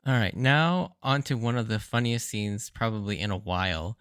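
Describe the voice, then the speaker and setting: A man hosting a solo podcast, recapping anime episodes in a casual, excited way, often laughing and saying "like.". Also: lowish voice, normal speed, clear, resonant tone, no room sound, studio quality. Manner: casual, filler-heavy with frequent "like". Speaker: podcast host. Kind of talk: solo rewatch commentary.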